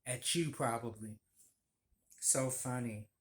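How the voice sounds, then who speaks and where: A man telling stories of his old barista job in a casual, animated vlog, acting out the voices of people he quotes. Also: medium pitch, slow. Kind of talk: casual storytelling.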